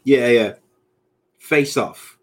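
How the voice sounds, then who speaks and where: A man in his late thirties chatting casually as a podcast co-host. He's full of jokey banter and laughs easily, and his voice sits at an ordinary middle pitch. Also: drawn-out words. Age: 30s. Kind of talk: casual chat.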